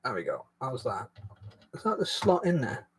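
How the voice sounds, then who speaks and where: A man's voice: medium pitch, huge pitch swings, moderate pace, breathy edge. A man hosting a casual live stream while building a toy set, rambling and self-deprecating as he reads viewer comments aloud.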